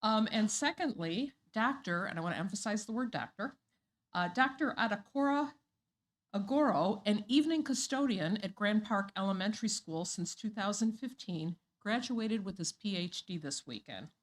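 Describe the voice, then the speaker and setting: A woman board member reads prepared announcements at a meeting. She sounds friendly and steady, with a mid-range pitch. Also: normal speed.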